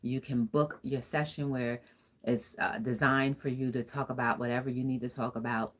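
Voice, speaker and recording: A woman's voice: very deep voice, fairly even intonation, moderate pace. A woman hosting a casual livestream talk show, chatty and encouraging, with sing-song greetings and easy laughter.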